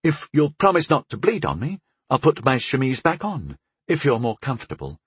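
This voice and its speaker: A man voicing a young woman healer in her twenties who is patient, amused and matter-of-fact, in a husky storybook reading. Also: mid-range voice, huge pitch swings, moderate pace, no room sound. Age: 20s.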